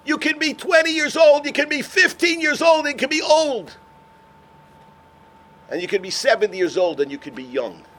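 An older man, a rabbi, telling stories in a sermon, swinging from shouts to hushed words. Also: fairly high pitch, a little hiss or hum. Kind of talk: sermon storytelling.

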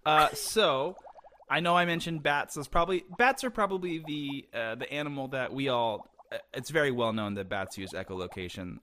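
A man's voice: mid-range voice, sharp tone, slight background noise. Playful young man explaining science. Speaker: co-host. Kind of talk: casual science chat for kids.

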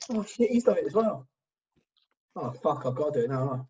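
A man joining a podcast chat remotely, teasing and expressive. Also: fairly high pitch, fast, slightly rough, far from the mic. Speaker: podcast co-host. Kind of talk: casual chat over a call. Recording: dull lo-fi call audio.

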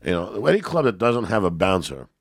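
A man's voice: low voice, fairly quick. A man, a guest comedian, telling stories in a casual podcast chat, stammering and restarting as he goes. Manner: animated storyteller, stammers and restarts.

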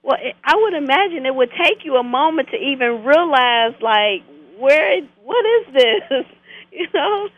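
A woman joining a radio show from crime stoppers, chatting in a giggly, expressive way. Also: high voice, unhurried, narrow, tinny audio. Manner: giggly, expressive, swoops while laughing. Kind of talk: casual radio call-in chat. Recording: noisy remote line.

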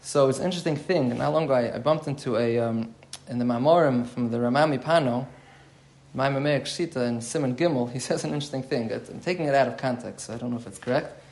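A man's voice: medium pitch, fast talker, a little mellow. A man giving an explanatory Torah class, thinking aloud and repeating key phrases as he explains. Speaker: Torah teacher.

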